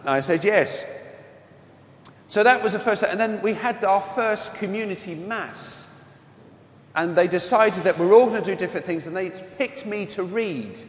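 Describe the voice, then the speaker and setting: A man's voice: high-pitched, moderate pace. A man with a mild London accent, a Catholic priest giving a homily full of humorous, self-deprecating stories from his own life. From London, England. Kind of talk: homily with personal storytelling. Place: church. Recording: echoey church with long reverb.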